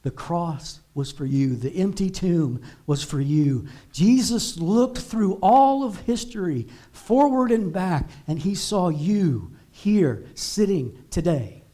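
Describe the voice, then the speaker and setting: A man's voice: high voice, expressive, takes it slowly, hardly any pauses, warm tone. A man preaching as pastor in a church, building emphatic repeated declarations. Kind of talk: sermon. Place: church sanctuary.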